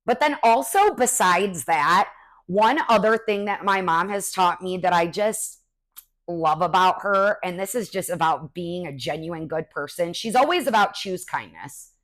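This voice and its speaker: A young adult woman hosting a podcast, telling personal stories in a casual, animated way with lots of "like" fillers. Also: on the low side, unhurried. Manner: chatty, animated, many "like" fillers. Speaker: podcast host. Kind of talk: casual storytelling chat.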